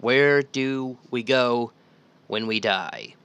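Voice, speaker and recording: A man's voice: mid-range voice, drawn-out words, fairly bright tone, smooth, muffled recording. A man hosting a solo Bible teaching podcast, talking earnestly and conversationally and reading scripture aloud. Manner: earnest, conversational, with restarts and repeated phrases. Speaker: podcast host.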